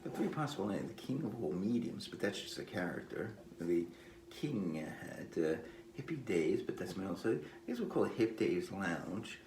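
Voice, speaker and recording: An older man hosts his own podcast in a rambling, stop-start way, filling gaps with fillers and little laughs. His pitch swings in a lively way. He is recorded on a phone on a tripod in an echoey room with faint background ambience. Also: background noise. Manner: meandering, halting, with frequent fillers and chuckles. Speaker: podcast host. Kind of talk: rambling casual monologue.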